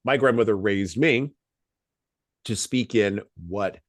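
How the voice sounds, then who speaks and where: A man with a flat Midwestern American accent hosting a podcast, talking in a measured, deliberate way. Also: on the low side, dry recording, studio quality. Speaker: podcast host. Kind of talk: casual podcast conversation.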